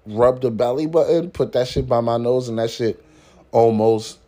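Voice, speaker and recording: In a warm, mid-range voice at a moderate pace, the host of a casual motivational podcast keeps things slangy and easygoing. He says "man" a lot, swears freely and cracks himself up with his own stories.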